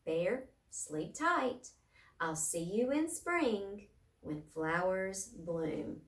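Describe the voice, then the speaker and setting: A woman voicing a small, fretful male mouse in a storybook read-aloud, with a high, pleading voice. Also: animated, extremely slow. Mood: gentle. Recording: roomy, far from mic.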